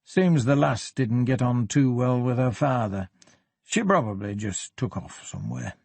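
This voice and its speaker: A man voicing a gruff older police superintendent with a Yorkshire accent, blunt and unhurried, in an audiobook. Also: medium pitch, a little mellow, no echo. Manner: blunt, unhurried, plain-spoken.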